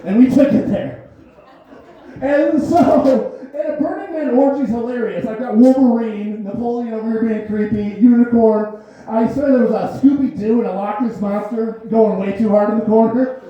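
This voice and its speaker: A man doing a stand-up comedy set, telling a loose, rambling story and laughing often at his own lines. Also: high-pitched. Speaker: stand-up comic. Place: small comedy theater stage. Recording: very echoey, dull theater recording.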